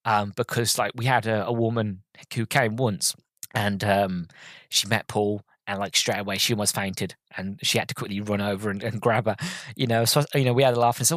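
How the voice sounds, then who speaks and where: This male podcast host speaks briskly in a fairly low, fairly bright voice, recorded without echo. His casual storytelling review wanders and hesitates, with many ums and restarts, and he comes across as an earnest, openly emotional fan.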